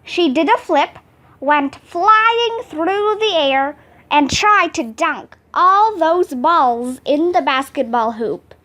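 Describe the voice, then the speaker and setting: A woman reading a children's chapter book aloud with an expressive, animated delivery. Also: sits high, slow. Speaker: storybook reader. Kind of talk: children's storybook read-aloud.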